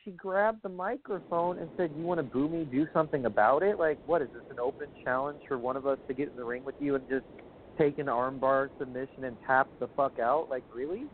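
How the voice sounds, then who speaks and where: A man's voice: medium pitch, a little fast. A man co-hosting, giving opinionated, ranting takes in casual wrestling chat. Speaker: co-host. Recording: tinny phone line with clear noise.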